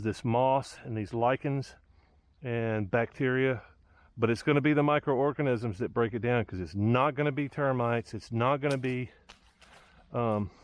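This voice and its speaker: A hiker vlogger films his walk through the woods beside a lake, thinking aloud in casual commentary loaded with fillers. His voice is mid-range, with no echo.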